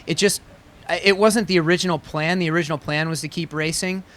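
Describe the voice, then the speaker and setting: Bright, clear-voiced male athlete guest. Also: a little high, fairly even intonation, fast talker. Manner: easygoing, frequent fillers and laughs. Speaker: pro triathlete guest. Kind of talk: casual interview.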